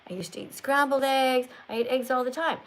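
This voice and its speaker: A woman's voice: sits high, brisk, low-quality recording. An older woman hosting a live stream, talking like a strict teacher who corrects and lectures. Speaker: livestream host.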